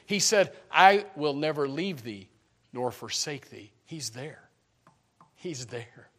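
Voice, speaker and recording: Guy preaching a sermon, kinda high pitched, repeats himself, gets loud then drops soft. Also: slow pace. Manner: animated, emphatic preaching with sudden loud peaks; repeats words when starting sentences.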